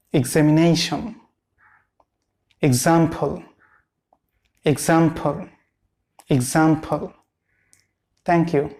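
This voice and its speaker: A man gives a pronunciation lesson at a very slow, deliberate pace. He repeats each word several times for the viewer to copy, like a teacher drilling a class. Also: a little high, a little mellow.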